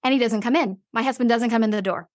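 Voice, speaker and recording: Animated woman storyteller, dry close sound. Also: on the high side, quick pace, dry recording. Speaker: guest, business owner. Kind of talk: casual interview storytelling.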